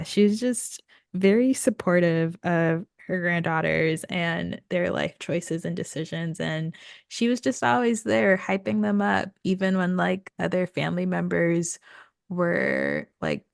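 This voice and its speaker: A woman's voice: fairly low pitch, vocal fry, dry recording, studio quality. A woman co-hosting a book podcast, talking in a laid-back, chatty way. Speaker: podcast co-host. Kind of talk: casual book chat.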